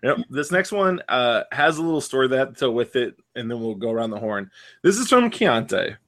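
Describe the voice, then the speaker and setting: Male podcast host, mid-range pitch, animated casual storyteller. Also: moderate pace. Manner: animated storyteller, laughs often.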